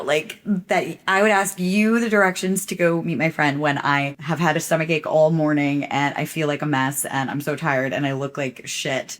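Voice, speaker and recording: A woman's voice: on the low side, lively intonation, normal speed. A young woman from Connecticut chatting casually to her phone camera in a rambling vlog, full of "like". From Connecticut, USA. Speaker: vlogger.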